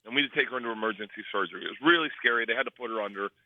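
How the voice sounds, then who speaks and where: A comedian guest telling quick, animated stories and acting out the people in them, laughing as he goes. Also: fairly low pitch. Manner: fast storyteller, acts out voices, laughs often. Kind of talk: animated storytelling. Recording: tinny phone line.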